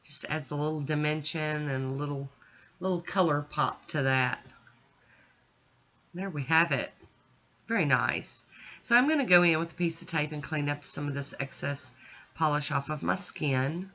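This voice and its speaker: A woman's voice: low voice, normal speed, pushed and bright, dull audio, a little hiss or hum. A woman hosting her own nail art channel, chatting casually through each step of a painting tutorial in voice-over.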